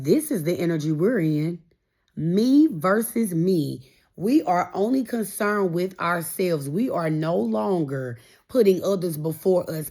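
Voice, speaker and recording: A woman's voice: on the low side, a little mellow. A woman giving a casual tarot reading straight to her viewers, encouraging and repeating phrases for emphasis. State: getting emotional. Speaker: tarot reader.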